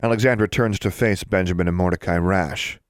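A man narrating an audiobook in a calm storytelling manner. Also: sits low, a little fast, dry recording.

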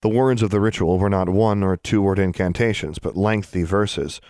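A man narrating a fantasy novel audiobook in a calm, even reading. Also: sits low, moderate pace, no room sound, studio quality. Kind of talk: scripted narration.

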